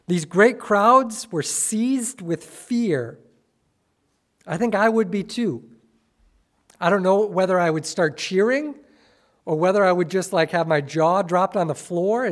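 A male pastor preaching a sermon, dramatic and full of rhetorical questions, swinging between soft and loud. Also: high-pitched.

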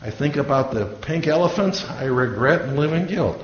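Slightly high and animated, a pastor delivers his sermon at a moderate pace, narrating stories and imitating the people he quotes. The audio is lo-fi and dull, recorded in an echoey room with faint hiss.

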